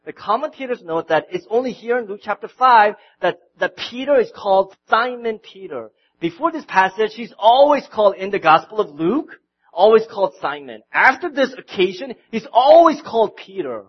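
Man, sermon, high voice, animated preaching, loud and soft swings. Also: normal speed, husky, muffled recording. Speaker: pastor.

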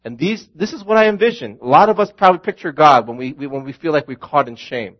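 Earnest high-voiced man preaching. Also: lively intonation, fast talker, highs cut off. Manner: earnest, addresses listeners as friends, repeats key lines. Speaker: pastor. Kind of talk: sermon.

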